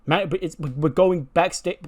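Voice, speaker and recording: A man's voice: on the high side, normal speed, voice pushed up, lightly acted. A man doing an exasperated straight-man wrestler. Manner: incredulous, scolding.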